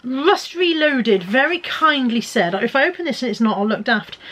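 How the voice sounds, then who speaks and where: A woman's voice: high-pitched, animated, normal speed, a bit bright, slight background noise. Chatty woman unboxing parcels. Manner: chatty, self-mocking, fiddling with packages as she talks. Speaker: vlogger. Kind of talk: casual unboxing chat.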